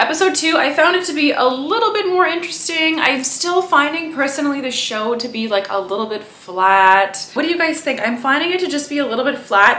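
A woman's voice: medium pitch, pushed and bright, reverberant, a little hiss or hum. A young woman from Canada chatting casually to camera as a vlogger, full of "like" and "you know" fillers.

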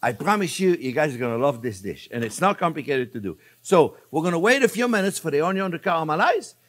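A man's voice: fairly high pitch, sing-song, fast, fairly bright tone. An older man from France with a French accent, hosting a casual cooking demonstration, chatty and self-amused, often calling viewers friends. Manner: chatty, repeatedly calls viewers friends, laughs at himself. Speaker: cooking show host.

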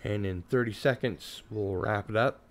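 A man's voice: lowish voice, moderate pace. A man hosting a casual watch party stream, running a giveaway in an easygoing way.

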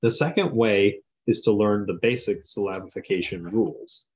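Low-voiced man reading a textbook aloud. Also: moderate pace. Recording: dull lo-fi classroom recording.

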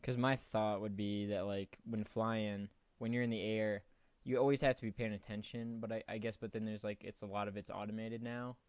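Brief: relaxed man chatting while gaming, smooth and dry-sounding, faint music behind. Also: on the low side, moderate pace, dry recording. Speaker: streamer host. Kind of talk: casual gaming chat.

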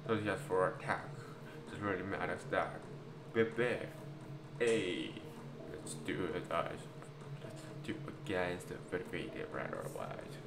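A man's voice: sits low, animated, unhurried, creaky, noisy background. Chatty man commentating a card game. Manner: chatty, reacting aloud to a card game, addressing viewers as guys. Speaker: gameplay youtuber. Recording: roomy echo with loud background music.

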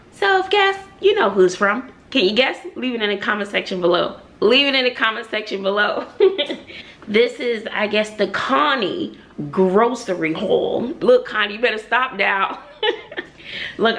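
A woman's voice: medium pitch, creaky, fairly bright tone. A woman with a Southern US accent, chatting casually to the camera as a vlogger, laughing often and talking straight to her viewers.

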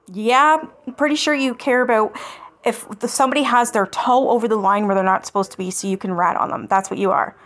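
This commentary-channel host reads viewers' online comments aloud and fires back sarcastic, contemptuous replies full of swearing. She speaks briskly in a voice on the high side that sounds a bit bright.

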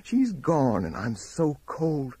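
A man voicing an eerie little ghost girl who pleads in a high, sweet, clear voice. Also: huge pitch swings, slow pace, warm tone, no echo, exaggerated voice. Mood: pleading.

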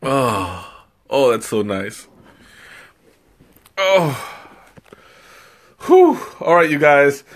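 A man's voice: medium pitch, expressive, extremely slow, long pauses, a bit bright. A man tasting tea on a live stream in casual, rambling chat. He giggles often, mocks himself and has a runny nose from spicy tea. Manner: giggly, rambling and self-mocking.

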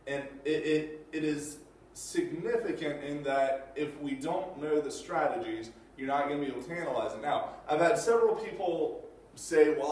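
A man's voice: on the high side, darkish tone, a little hiss or hum. A male teacher giving a casual classroom lecture, checking in with rhetorical questions and filler words. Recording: echoey room, mic far off.

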